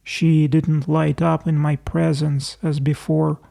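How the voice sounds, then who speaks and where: A man reading a novel aloud as an audiobook narrator, in slow, deliberate storytelling. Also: a little high, flat delivery, vocal fry, dark tone.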